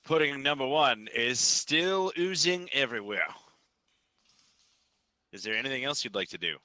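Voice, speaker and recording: Bright-toned male dungeon master. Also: mid-range voice, animated, no echo, low-quality recording. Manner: easygoing, makes quick rulings. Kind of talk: running a tabletop game.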